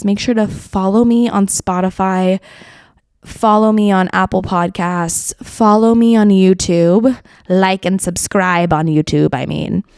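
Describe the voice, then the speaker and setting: A woman's voice: medium pitch, a little mellow, no echo. Twenties woman, solo podcast host, casual and filler-heavy, wry asides, dry close sound.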